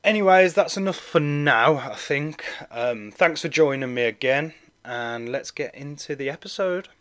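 A man hosting a casual podcast, chatty and relaxed, with lots of ums and a friendly "mate". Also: a little high, a little slow. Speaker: podcast host.

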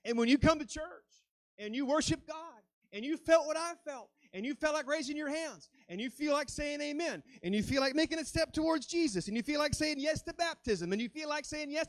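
A man's voice: very high-pitched, a bit bright, dry recording. A man preaching a sermon as a guest speaker, fervent and dramatic, rising and falling as he acts out quoted lines.

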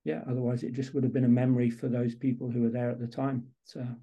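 A man being interviewed as a guest in a casual chat, talking in halting bursts with many restarts and repeated words. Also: mid-range voice, level tone, slightly rough, highs cut off. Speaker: interview guest, baseball photographer.

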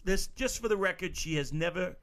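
A man hosting a call-in show, loud and teasing, swearing and laughing often in crude banter. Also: high-pitched, a little fast. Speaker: show host.

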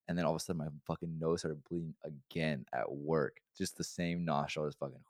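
A young man co-hosting a podcast, telling stories fast and swearing a lot in casual chat. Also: rumbling low, no echo, studio quality. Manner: fast-talking, swears a lot, animated storytelling. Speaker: podcast co-host.

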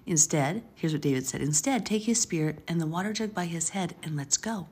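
A woman's voice: lowish voice, a little fast, a little mellow, husky. A woman reading a Bible passage aloud and stopping often to explain it in an earnest, chatty way. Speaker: Bible teacher.

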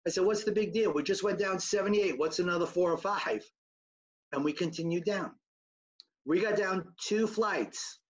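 A man's voice: normal speed, muffled recording. A man giving a spoken testimony to an audience, earnestly recounting events and acting out the dialogue he quotes. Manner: earnest storyteller, acts out quoted dialogue with raised pitch. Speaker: survivor telling his story to an audience. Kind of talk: personal testimony talk with slides.

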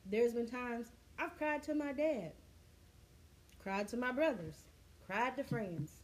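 A woman's voice: a little high, slow pace. A young woman in casual group chat, speaking candidly and bluntly with a wry edge.

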